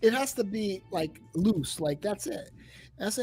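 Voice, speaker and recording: A man's voice: high voice, a little slow, soft background music. A man hosting a livestream in casual chat, rambling and swearing as he tells stories. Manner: profane, rambling, animated storytelling. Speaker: livestream host.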